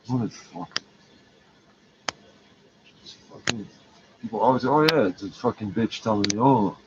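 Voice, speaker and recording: A man's voice: on the low side, fairly even intonation, unhurried, dull audio, background noise. Man ranting in pain, profane, heated. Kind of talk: angry rambling rant.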